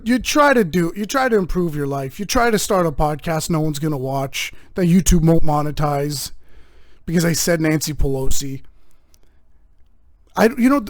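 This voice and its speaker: A young man hosting his own podcast, rambling through a profane, deadpan comedic monologue. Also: sits high, no room sound. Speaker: podcast host.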